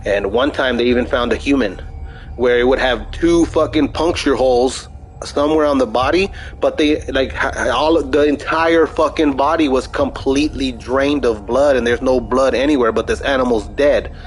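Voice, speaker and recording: A man's voice: medium pitch, normal speed, poor audio. Rambling, profane young male gamer. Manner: rambling, profane storytelling with many restarts. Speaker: gaming streamer. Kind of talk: casual chat over gameplay.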